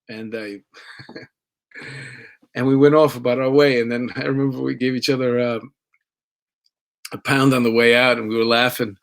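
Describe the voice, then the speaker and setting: A man's voice: mid-range voice, steady tone, normal speed, pauses often. Middle-aged New man telling a story. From New York. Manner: conversational with laughs and restarts. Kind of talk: personal storytelling.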